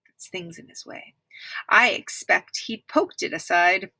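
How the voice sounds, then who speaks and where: A woman's voice: on the low side, unhurried, vocal fry, sharp tone, husky, no echo, full character voice. Woman reader doing a bossy eldest boy, dismissive and curt, dry close read. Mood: scornful.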